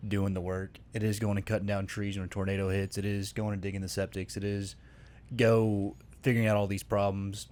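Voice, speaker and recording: A man's voice: fairly low pitch, little pitch movement, a little fast, a little mellow. A man talking earnestly in a casual chat, often using "like" as filler. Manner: earnest, heavy use of "like". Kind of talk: casual conversation.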